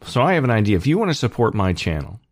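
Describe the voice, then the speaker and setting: A man's voice: lowish voice, sing-song, fast talker, no room sound, clean studio sound. A man hosting his own channel, talking in a rambling monologue with sarcastic jokes and frequent restarts. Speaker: channel host.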